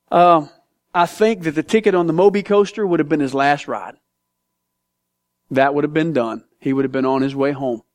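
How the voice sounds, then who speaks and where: Male pastor, sermon, animated, jokey, slightly high voice, big dynamic swings. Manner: animated and joking, with big swings in pitch and volume; reads scripture aloud.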